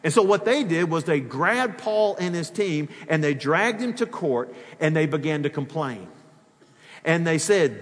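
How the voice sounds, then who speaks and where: A man preaching a sermon as pastor, telling the story in an animated way with humor and asides. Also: on the high side, unhurried, in a large hall.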